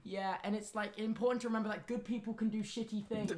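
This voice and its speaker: A man's voice: high-pitched, steady tone, fast talker, a crowd in the background. A young man chatting playfully as a guest on a friend's live stream, often apologising with giggly asides. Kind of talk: casual chat.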